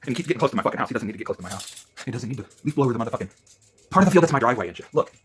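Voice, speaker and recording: Fast, furious profane man ranting. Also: medium pitch, lively intonation, background noise. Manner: profane, agitated, swings between shouting and muttering. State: worked up. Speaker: vlogger. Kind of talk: angry ranting vlog.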